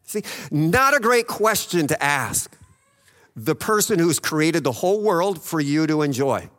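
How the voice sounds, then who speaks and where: A man's voice: on the high side, expressive, measured pace, fairly bright tone, in a large hall. A man preaching a sermon, retelling a Bible story in a conversational way, often checking in with "okay?" and acting out the voices in it. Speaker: pastor.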